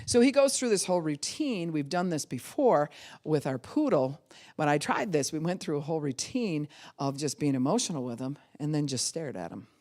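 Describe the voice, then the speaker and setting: Middle-aged woman pastor, animated sermon storytelling. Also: sits low, moderate pace. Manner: animated storytelling, acts out voices of babies and dogs. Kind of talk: sermon teaching.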